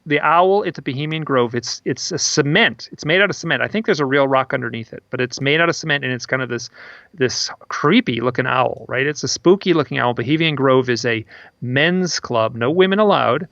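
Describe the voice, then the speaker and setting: A man's voice: mid-range voice, fairly quick, creaky, fairly bright tone, no room sound, highs cut off. A man, an author guest in an interview, telling stories in a rambling way with many restarts and repeated words. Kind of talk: interview storytelling.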